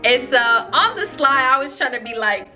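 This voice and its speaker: Young woman vlogger, slangy storytime, bright voice, faint music behind. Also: high-pitched, animated, normal speed. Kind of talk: storytime vlog.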